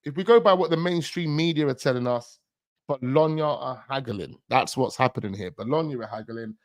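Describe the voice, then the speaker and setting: A man's voice: medium pitch, brisk, no room sound, studio quality. A man hosting a football channel, talking in a rambling, slangy way with chuckling asides. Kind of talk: casual live-stream chat.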